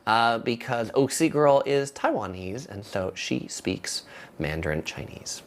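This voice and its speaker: Man, thirties, from southern california, casual live stream host, halting, lots of fillers. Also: mid-range voice. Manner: relaxed, halting, many fillers and restarts. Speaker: live stream host answering viewer questions.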